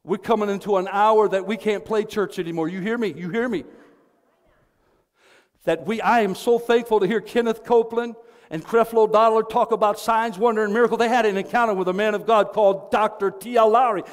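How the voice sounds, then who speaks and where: Fervent male pastor, high voice, long church-hall reverb, a storytelling sermon. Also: steady tone, quick pace. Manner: impassioned storytelling, building to fervent shouting. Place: church sanctuary.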